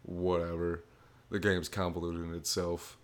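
A man co-hosting a podcast, with a low voice, recapping a story in a rambling, profane casual chat. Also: monotone, unhurried. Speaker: podcast co-host.

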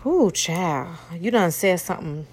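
A woman hosting her own faith podcast, talking in an animated, playful way with slangy asides. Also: on the low side, unhurried. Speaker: podcast host. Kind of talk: casual faith talk podcast.

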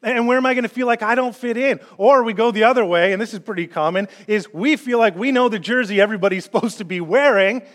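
A man with a high voice preaches a sermon, telling a personal story in an animated, joking way. He sounds middle-aged, and his voice climbs when he acts out other people's lines. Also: fast, hardly any pauses. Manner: storytelling, animated and jokey, rising when quoting. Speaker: pastor.

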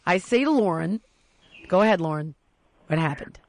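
A woman's voice: on the low side, moderate pace, no room sound. A woman telling a story in casual podcast talk, acting out the quotes with lots of energy. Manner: animated, acts out quotes.

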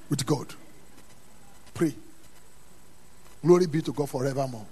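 A man preaching a sermon in a church, dropping to quiet asides and then rising to loud, emphatic calls. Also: mid-range voice, measured pace, slightly rough. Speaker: pastor.

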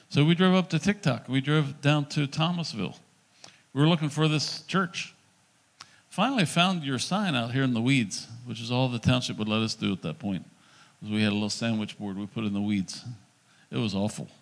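A middle-aged male pastor telling a story in a sermon, acting out the dialogue in an animated preaching voice. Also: mid-range voice.

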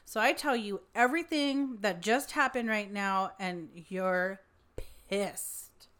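A woman in casual conversation, recounting events in a lively, animated way. She swears freely and acts out what others said. Her pitch sits in the middle range. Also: slow pace. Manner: lively storytelling, swearing, acting out quotes. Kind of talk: casual chat.

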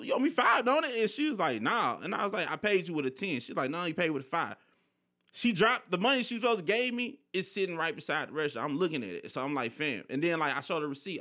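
High, bright-voiced young man telling stories. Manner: candid storytelling, heavy slang and swearing. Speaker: podcast host. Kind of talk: casual conversation.

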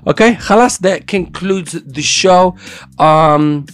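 A man's voice: high voice, takes it slowly. Upbeat male live-stream host. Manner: upbeat, playful, hypes a sponsor. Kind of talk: casual live-stream chat. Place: studio.

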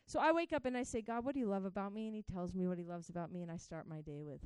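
A woman preaching a sermon, swinging from hushed to joyfully shouting and talking straight to her listeners. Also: mid-range voice, rapid-fire, clean tone, dry recording. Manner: laughs between points, speaks to listeners as guys.

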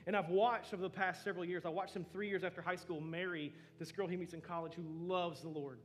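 A man's voice: sits high, steady tone, fast, a little hiss or hum. Earnest male pastor preaching. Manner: earnest, storytelling, says "man" often. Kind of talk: sermon.

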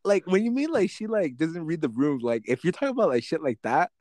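A man's voice: big pitch swings, a little fast, darkish tone, no room sound, studio quality. A young man hosting a podcast, chatting casually in slangy, profane speech with many fillers. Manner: slangy and profane, swooping pitch, filler-heavy. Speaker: podcast host.

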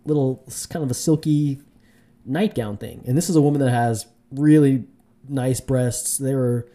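Rambling man with a very dark voice. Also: normal speed. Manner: rambling, full of fillers and restarts, mimics women in a high voice. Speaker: vlogger giving dating advice. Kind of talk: casual storytelling to camera.

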